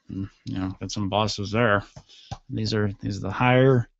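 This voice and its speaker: Guy hosting a call-in show, gravelly voice, hamming up a story, kinda muffled dry audio. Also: fairly low pitch, steady tone, moderate pace, no room sound. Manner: playful, mock-dramatic, repetitive. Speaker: radio show host. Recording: dull, dry lo-fi sound.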